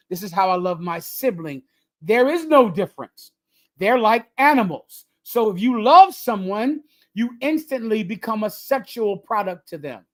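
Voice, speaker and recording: A man leading a livestreamed religious lesson, preaching emphatically in a lecturing, repetitive cadence. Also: high-pitched. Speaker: religious group leader.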